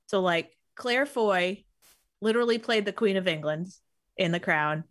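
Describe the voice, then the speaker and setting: A woman's voice: medium pitch, normal speed, dry recording, studio quality. A woman co-hosting a casual movie podcast, chatty, laughing often, with lots of ums. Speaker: podcast co-host. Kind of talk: casual movie-review chat.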